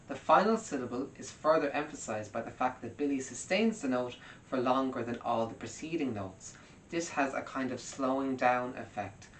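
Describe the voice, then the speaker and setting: A man's voice: expressive, moderate pace. A man giving a wry, analytical music commentary as scripted narration. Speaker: music video essayist. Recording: roomy, distant mic with faint rumble.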